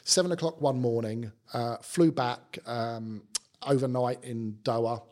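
A man's voice: medium pitch, fairly even intonation, a little slow, a little mellow. A middle-aged man with a South London accent, talking casually as an interview guest, with plenty of fillers and restarts. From London, England. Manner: chatty, many fillers and restarts. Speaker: company managing director, interview guest.

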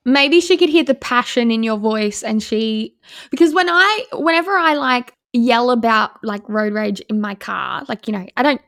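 A young woman co-hosts a podcast, chatty and supportive in her replies. Her voice sits a little high and stays easygoing. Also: animated, normal speed, a bit bright, no echo, studio quality. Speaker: podcast co-host. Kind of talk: casual chat.

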